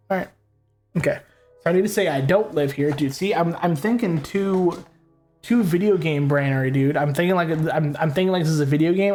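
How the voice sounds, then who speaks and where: A young man talks loosely through a horror game as he plays, circling back on his thoughts and cursing freely. His voice sits slightly high, with soft game music underneath. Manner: casual, rambling, swears freely. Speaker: gaming host. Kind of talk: let's play commentary.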